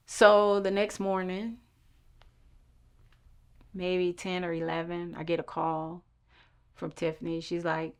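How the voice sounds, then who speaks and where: A woman's voice: lowish voice, little pitch movement, measured pace, clean tone. A woman telling her own story with intense emotion, acting out the dialogue. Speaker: storyteller recounting her own court case. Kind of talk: personal storytelling.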